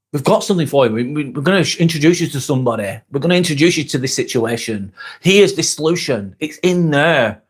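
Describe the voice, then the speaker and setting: A man hosting a live motivational vlog, chatting bluntly and casually with viewers, swearing freely and repeating his points for emphasis. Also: a little high. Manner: talks while eating a snack. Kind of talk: live motivational chat reading viewer comments.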